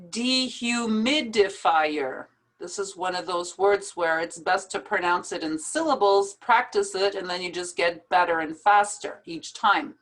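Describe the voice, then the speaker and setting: A woman teaching English pronunciation, saying each word slowly and repeating it carefully. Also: on the low side, fairly bright tone. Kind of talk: slow pronunciation lesson.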